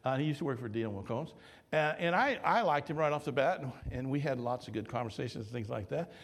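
A man's voice: mid-range voice, animated, fast, big-room sound. A male pastor preaching conversationally, asking the congregation questions and retelling stories in dialogue. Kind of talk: sermon.

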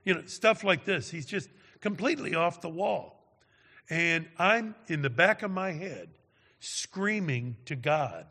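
A man's voice: on the high side, lively intonation, normal speed, sharp tone. A man preaching, telling a story dramatically and often checking in with "all right?". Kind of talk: sermon storytelling. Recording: long reverb of a large hall.

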